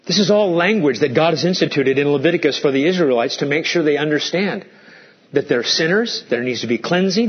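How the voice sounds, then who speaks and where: A pastor preaching a sermon, animated, his voice jumping up when he gets excited. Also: fairly high pitch, fairly quick, slightly rough, lo-fi sound.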